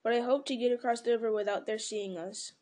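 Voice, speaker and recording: A woman's voice: on the high side, fairly even intonation, fast, a little mellow, natural voice. Frodo, a brooding young hobbit, read by a woman. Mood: resolute. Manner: terse, brooding. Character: troubled, resolute young male hobbit.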